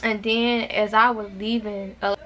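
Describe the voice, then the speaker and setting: Bright-voiced young woman. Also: medium pitch, level tone, measured pace, a little hiss or hum. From Arkansas. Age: young adult. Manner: chatty and dramatic, with repeated words and asides to viewers. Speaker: vlogger. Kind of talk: casual storytime chat.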